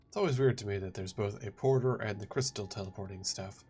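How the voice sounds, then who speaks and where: A man's voice: lowish voice, quick pace, mellow, breathy edge. A man playing a video game and casually chatting, joking and reacting to the characters. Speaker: let's play gamer.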